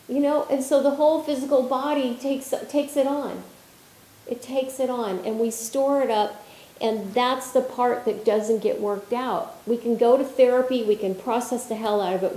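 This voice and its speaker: Animated woman speaking in an echoey hall. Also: a little high, normal speed. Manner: animated and expressive, with frequent restarts and filler phrases. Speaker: workshop leader and spiritual healer. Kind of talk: conversational workshop talk. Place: conference hall. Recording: roomy conference hall echo.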